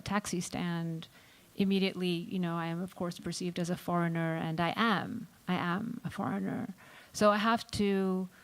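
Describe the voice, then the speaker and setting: A woman author speaking on a festival panel, reflective and halting, with frequent ums and restarts. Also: fairly low pitch.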